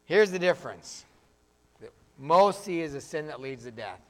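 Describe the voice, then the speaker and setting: A man's voice: a little high, lively intonation, moderate pace. A man preaching a sermon as pastor, in a plainspoken, conversational way, acting out voices of the people he quotes.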